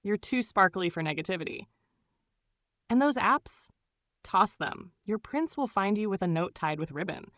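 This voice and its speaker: In a dry, studio-quality recording, a woman with a medium-pitched, fairly bright voice reads scripted narration at normal speed. She sounds animated and gushing, doting on the listener with plenty of pet names.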